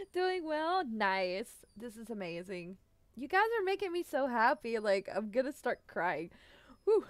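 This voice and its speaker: Woman, streamer, casual live chat, giggly, upbeat, slightly high, dry close mic. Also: very animated, takes it slowly, no echo. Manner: bubbly, giggly, greets chatters by name. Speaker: Twitch streamer.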